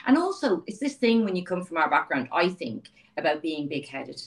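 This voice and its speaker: Low-voiced Dublin woman, chatty and distant. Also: big pitch swings, a little fast. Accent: Dublin Irish. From Ireland (Dublin). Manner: chatty storyteller, frequent restarts and you-knows. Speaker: guest. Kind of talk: conversational interview.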